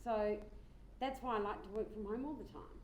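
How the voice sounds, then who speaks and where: A woman's voice: mid-range voice, normal speed, natural voice. A woman playing a frustrated coworker in a mediation role-play, blunt and exasperated as she explains her grievance. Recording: roomy with faint crowd and noise.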